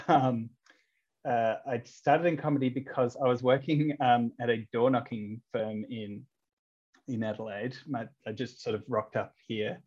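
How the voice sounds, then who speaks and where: A man from England, a comedian and street performer guesting on a podcast, speaks at a medium pitch and a slightly slow pace, his tone darkish with a breathy edge and fairly even intonation. His chat is casual and rambling, scattered with ums and chuckles, and the sound is dull lo-fi.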